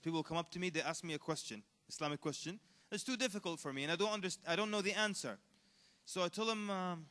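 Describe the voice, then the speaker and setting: Animated preacher in a reverberant hall. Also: male voice, a little high. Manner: animated storyteller, jokes and mock voices, laughs. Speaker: Islamic preacher. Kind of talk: lively convention talk with acted quotes. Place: large convention hall.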